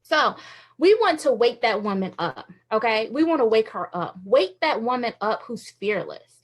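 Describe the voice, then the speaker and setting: High-voiced, animated Christian woman speaker. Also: normal speed. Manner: animated, laughs often, shifts into voices for quoted thoughts. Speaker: Christian women's ministry speaker. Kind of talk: motivational faith talk to viewers.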